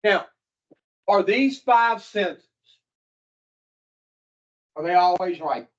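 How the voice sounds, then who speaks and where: A man, his voice fairly high for a man, speaks to a recovery class at an unhurried pace. He is blunt and profane and keeps firing questions at his listeners. The recording sounds dull and lo-fi. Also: expressive. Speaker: addiction recovery counselor. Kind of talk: classroom talk to a recovery group.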